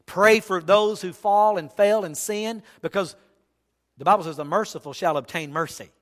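Preacher guy, high bright voice, acts out the story, big echoey church. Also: moderate pace. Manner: animated storytelling, acting out voices, folksy humor. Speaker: pastor. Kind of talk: sermon. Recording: long hall reverb.

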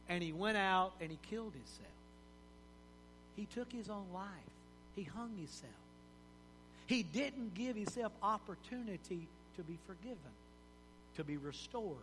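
A man with a high voice preaches a sermon in a folksy, animated way, slipping into the voices of the people in his story. His words carry a long reverb from a big church hall. A faint hum runs beneath him. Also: measured pace, long pauses. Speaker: pastor.

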